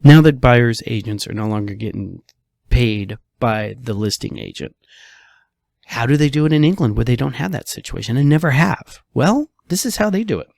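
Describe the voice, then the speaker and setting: A man's voice: mid-range voice, creaky, a little mellow, no echo, clean studio sound. A man, a real estate broker, talking through the housing market in a casual, chatty way, full of rhetorical questions and frequent "all right"s.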